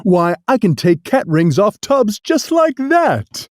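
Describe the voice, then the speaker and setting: A storyteller voicing a boastful, mischievous cat in a hat, in a low chuckling voice for a storybook reading. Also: very animated, slow pace, dry recording, clean studio sound. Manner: chuckling, cocky, playful. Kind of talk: storybook read-aloud.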